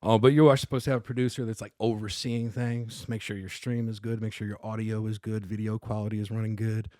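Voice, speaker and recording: Talking fast in a lowish voice, a guest comedian from Staten Island, New York, shares stories in a relaxed podcast conversation. He acts out quotes and swears without restraint, and the recording is dry, clean studio sound.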